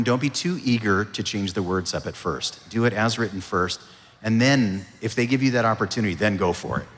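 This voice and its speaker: A man, a voice actor, answering audience questions at a convention panel in a relaxed, storytelling way. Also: lowish voice. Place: convention hall. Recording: reverberant convention hall.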